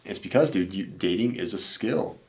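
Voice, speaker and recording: A man with a very low voice gives blunt, laid-back dating advice in casual commentary. He talks like he's chatting with a buddy, dropping "dude" and "man" and the odd curse word. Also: animated, normal speed. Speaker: dating coach. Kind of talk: casual commentary reacting to viewer messages.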